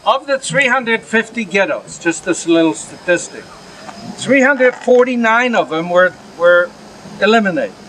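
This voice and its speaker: Older guy giving a talk, earnest and straight-talking, kinda high voice, faint hiss behind. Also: expressive, unhurried, a bit bright, low-quality recording. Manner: earnest, plain-spoken, with asides to the audience. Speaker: Holocaust survivor speaker. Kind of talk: lecture with audience questions. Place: outdoor camp gathering.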